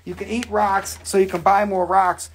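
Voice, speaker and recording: A high-pitched man runs a live sales stream for his rock shop. He rambles nonstop, cracks jokes and swears freely as he pitches each piece. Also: little pitch movement, moderate pace, a little hiss or hum. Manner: rambling, jokey, profane, self-described nonstop talker.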